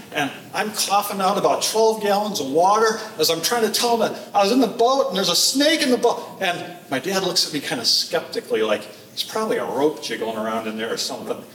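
A man telling a lively personal story on a theater stage, acting out shouts and reactions. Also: sits high, distant mic, slight background noise. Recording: echoey hall from afar.

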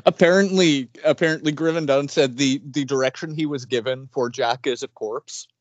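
A man's voice: mid-range voice, fairly even intonation, normal speed, no echo. A man co-hosting a casual film podcast, chatty and easygoing, who sometimes searches for words and laughs easily. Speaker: podcast co-host.

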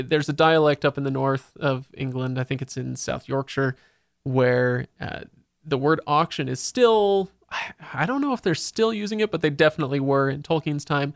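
A man with a slightly high voice and a gravelly, fry-edged tone hosts a casual book podcast. He chats eagerly and shares trivia. The sound is dry and close. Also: dry recording. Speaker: podcast host.

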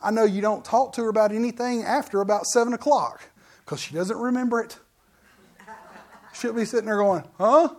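A man's voice: high-pitched, a little fast, a little mellow. A middle-aged man preaching a sermon as pastor, in a folksy, joking, conversational way.

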